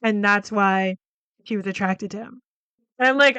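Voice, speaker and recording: A woman's voice: mid-range voice, moderate pace, fairly bright tone, clear, resonant tone, no room sound. A woman hosting a podcast, recapping a film plot in a chatty, loose way with lots of fillers and some swearing. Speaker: podcast host reviewing a film.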